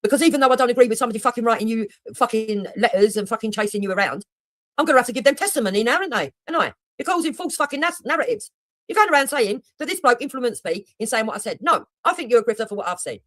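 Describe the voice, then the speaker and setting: A woman's voice: fairly high pitch, animated, very fast, fairly bright tone, no room sound. A woman doing heated reaction commentary on a livestream, blunt and mocking, with heavy swearing. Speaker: livestreamer reacting to another streamer.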